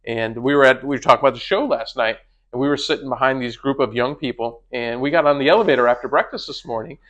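Man, podcast host, mid-range voice, chatty and relaxed, leads prayer. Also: medium pitch, fast talker, dull audio. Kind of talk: casual chat and prayer. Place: cruise ship.

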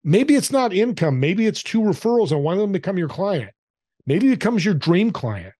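A man's voice: sits high, big pitch swings, moderate pace, mellow, no echo. Upbeat motivational man, dry close sound. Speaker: podcast guest. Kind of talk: casual interview chat.

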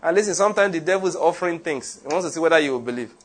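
A man's voice: fairly high pitch, animated, rapid-fire. A man preaching, leading his congregation in emphatic, repeated call-and-response declarations. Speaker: pastor. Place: church with congregation. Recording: congregation audible behind.

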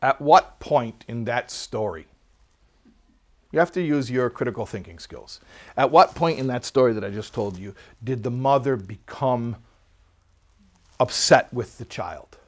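A man's voice: medium pitch, unhurried. Chatty man teaching a class. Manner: lively anecdotal delivery with questions to the class. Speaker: Torah teacher. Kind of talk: classroom lecture with storytelling.

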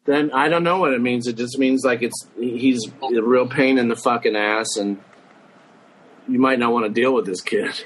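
A thirty-nine-year-old man swears freely as he tells funny, self-mocking stories from his youth in casual chat. His medium-pitched voice moves at normal speed, and the audio is poor.

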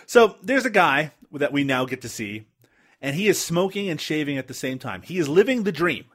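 Man, co-host of a movie-riffing show; higher voice, animated, jokey and profane. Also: moderate pace. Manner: laughs often, swears, jokey. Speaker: movie review podcast co-host. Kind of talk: casual movie commentary chat.

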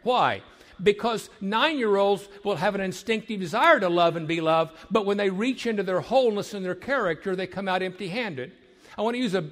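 With a voice that sits high, an older man, a marriage counselor by profession, gives young listeners an emphatic, sermon-style address. He builds through repetition and at times lowers to a hush, all within a long hall reverb.

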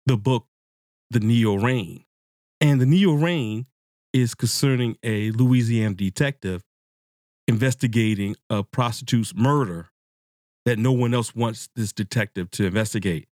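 A man hosting a casual book-discussion podcast, talking to his listeners in a rambling, excitable way and swearing freely. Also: mid-range voice, dry recording, clean studio sound. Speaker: podcast host.

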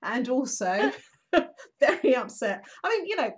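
A woman, a regular on the show, telling a local anecdote in a chatty, animated way, acting out quotes with plenty of fillers. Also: high voice, unhurried, husky. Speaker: regular contributor. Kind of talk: casual storytelling chat.

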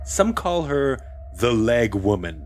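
A man's voice: medium pitch, big pitch swings, takes it slowly, soft background music. A man hosting a casual podcast and reading a story aloud with playful humor. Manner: playful, laughs often. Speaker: podcast host.

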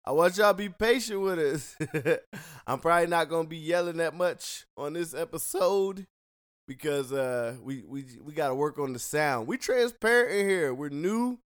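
A man's voice: a little high, animated, moderate pace. A man hosting a casual podcast from a home studio, loose and joking, laughing often. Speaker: podcast host.

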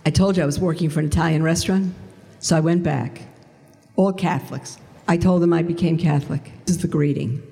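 A woman giving an earnest conversion testimony, slowing down for emphasis. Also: low voice, fairly even intonation, vocal fry, warm tone. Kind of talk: testimony talk. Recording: long hall reverb.

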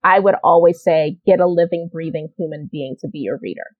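A woman's voice: deep voice, brisk, no room sound. Chatty woman on a dull, dry line. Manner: chatty, many you-knows, repeats words for emphasis. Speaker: casting director. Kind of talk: casual interview chat.

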